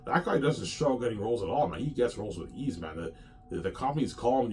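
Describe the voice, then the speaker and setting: A man's voice: medium pitch, expressive, fast talker, darkish tone, a little hiss or hum. A man hosting a casual solo show, talking in a brash, boastful, repetitive way. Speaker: show host.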